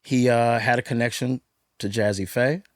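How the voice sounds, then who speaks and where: A man's voice: medium pitch, normal speed, dry recording, studio quality. A man telling his story as a podcast guest in casual chat, acting out quoted dialogue with lots of energy. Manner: animated, acts out quoted dialogue.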